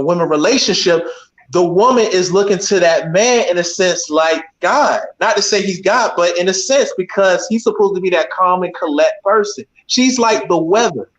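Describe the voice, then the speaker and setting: A man's voice: high voice, fairly bright tone. A man in a casual group discussion, talking earnestly like a preacher and thinking aloud with plenty of fillers. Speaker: discussion participant. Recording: roomy echo.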